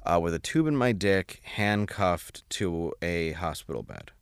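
A man's voice: deep voice, lively intonation, unhurried, clear, resonant tone, no echo, clean studio sound. A man guest telling a wry, self-deprecating story in casual podcast talk. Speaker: guest comedian.

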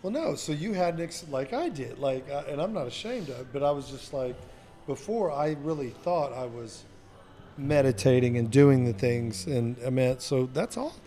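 A man's voice: mid-range voice, moderate pace, warm tone. A man in casual podcast talk, rambling and trailing off mid-thought.

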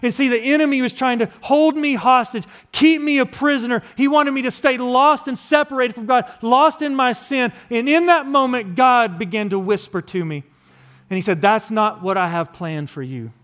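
A pastor in his thirties delivers a sermon in a very high voice at a moderate pace. He shifts between hushed, intimate moments and loud, urgent ones, using a repetitive preaching cadence.

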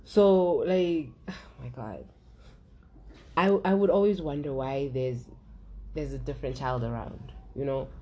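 Low-voiced young woman telling her story. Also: a little slow, long pauses, warm tone, rough recording. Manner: candid, emotional, swears freely, many restarts. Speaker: guest sharing her story. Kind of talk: casual conversation.

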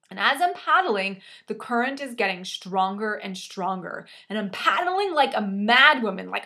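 A woman's voice: a little high, bright, forceful tone. A woman telling a personal story with dramatic, self-mocking exaggeration and some mild swearing. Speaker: storyteller sharing a personal anecdote.

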